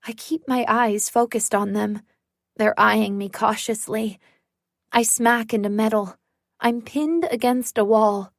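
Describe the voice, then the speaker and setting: A woman reading a first-person thriller aloud in a measured, suspenseful way. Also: a little high, no room sound, studio quality. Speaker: audiobook narrator.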